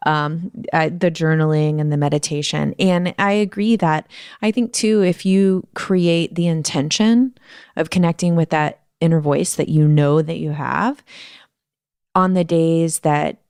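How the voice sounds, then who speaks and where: Lower-voiced woman host, affirming, dry close sound. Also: measured pace, darkish tone, clean tone, no room sound. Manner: affirming, encouraging, many small agreements. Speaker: podcast host. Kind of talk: casual interview chat.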